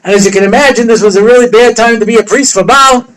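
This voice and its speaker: A rabbi lectures to students in a fairly high voice. He tells the story with animated humor, slipping into the characters' voices as he goes. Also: quick pace, poor audio. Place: study hall.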